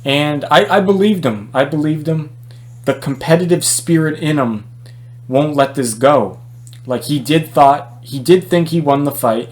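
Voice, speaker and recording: A man giving his opinions in a casual boxing commentary vlog, talking loosely with fillers and restarts. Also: medium pitch.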